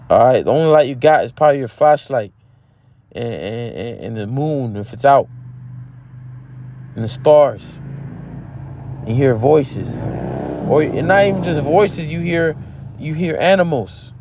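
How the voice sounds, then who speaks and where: A camp teacher with a mid-range, slightly mellow voice teaches from scripture in a loose street style. He's casual, repeating words and dropping "man" at the ends of lines.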